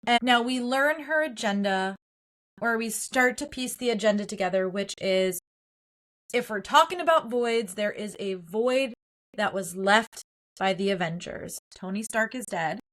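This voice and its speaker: A woman's voice: mid-range voice, lively intonation, a little slow, fairly bright tone. A woman hosting a solo podcast, talking through a film in an earnest, opinionated way and building her points in lists. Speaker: podcast host.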